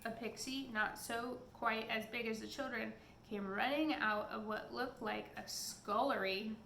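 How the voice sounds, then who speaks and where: A woman reads a children's story aloud casually, pausing to chat with someone nearby. Her unhurried voice is on the high side, gravelly and fairly bright with a steady tone, heard in an echoey room with slight background noise.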